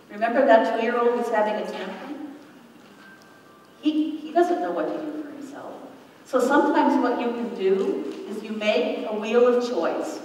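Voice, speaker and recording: A woman's voice: a little high, slight background noise. Woman teaching in an echoey hall. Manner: calm, explanatory, acts out example phrases. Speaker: parenting educator. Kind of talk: workshop talk. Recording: echoey hall, distant mic.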